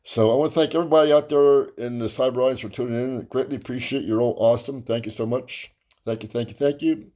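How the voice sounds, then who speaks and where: A man telling a rambling, profane stand-up story as host of his own comedy show. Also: quick pace. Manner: crude, profane, rambling with fillers; lively, jumps to high voices for quotes.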